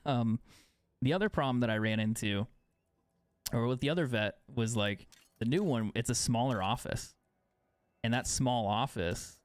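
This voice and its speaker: A young man streaming a game live, chatting casually and sarcastically, swearing freely. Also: fairly low pitch. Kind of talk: casual chat while gaming live.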